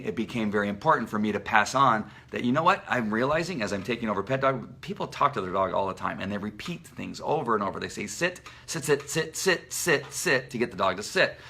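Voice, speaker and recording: A man who trains police dogs, talking casually and at length on a live stream, rambling with many fillers and restarts, and now and then barking out a loud dog command. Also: on the low side, fast, vocal fry. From Southern California.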